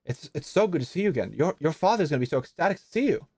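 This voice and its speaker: A big, gentle half-orc inventor speaks with fatherly kindness, as a game master puts him on. The man lifts his voice a little above his own. It sounds close and dry. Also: on the high side, sing-song, racing, slightly rough, no room sound, pitched above the performer's own voice, full character voice.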